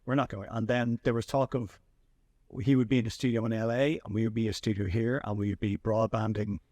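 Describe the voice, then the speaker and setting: An Irish man hosting a podcast, telling animated anecdotes in a casual chat with frequent restarts. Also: lowish voice, fairly quick, no echo. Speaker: podcast host and filmmaker.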